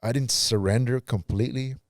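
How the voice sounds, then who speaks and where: A man's voice: mid-range voice, steady tone, brisk, no echo, clean studio sound. A man, a pastor on a podcast, telling his life story earnestly and acting out past conversations. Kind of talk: personal testimony in casual talk.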